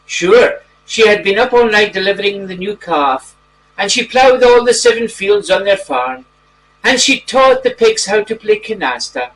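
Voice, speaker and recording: Male actor as a genteel gentleman reading a bedtime story, high-pitched, faint hiss behind him. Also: expressive. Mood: storytelling. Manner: gentle, drawn-out storyteller delivery. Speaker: storybook reader. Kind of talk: mock children's bedtime story narration. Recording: distant mic, faint background noise.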